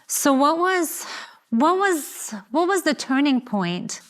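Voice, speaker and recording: A woman hosting a podcast interview, asking her guest questions in a relaxed, conversational way. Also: high voice, takes it slowly. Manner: conversational, with frequent "you know" fillers. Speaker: podcast host.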